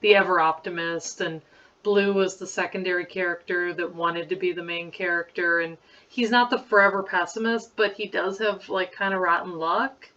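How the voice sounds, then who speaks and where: Her voice is fairly low, steady and sharp-toned, at a moderate pace, picked up from a distance in slightly muffled lo-fi audio. Around thirty, she revisits her childhood slideshows via screen recording, offering giggly, chatty commentary full of "like" fillers.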